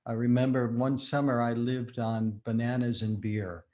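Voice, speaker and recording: An older man, a guest in a casual interview, telling stories in an animated way with frequent laughter. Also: medium pitch, moderate pace. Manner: animated storyteller, laughs often. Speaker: guest, shoemaker and former performer.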